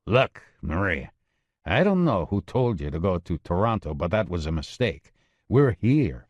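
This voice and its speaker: A man voicing a gruff, gravelly mob contact in an audiobook, curt and impatient. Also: low-pitched, sing-song, a little slow, no echo, lo-fi sound, exaggerated voice. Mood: firm.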